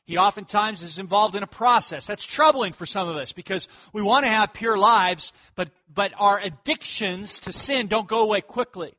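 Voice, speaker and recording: Male pastor, animated Bible-teaching sermon, high voice, acts out the characters. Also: moderate pace. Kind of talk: expository sermon.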